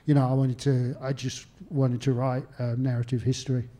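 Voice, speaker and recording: Australian male historian, mellow tone, chatty anecdotal interviewee who acts out his phone calls. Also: medium pitch, little pitch movement, moderate pace. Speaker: historian and author. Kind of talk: conversational interview answers. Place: stage talk at a literary venue.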